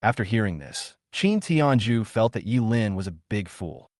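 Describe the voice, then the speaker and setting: Male story recap narrator, low pitch, animated delivery, dry close sound. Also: normal speed, no echo.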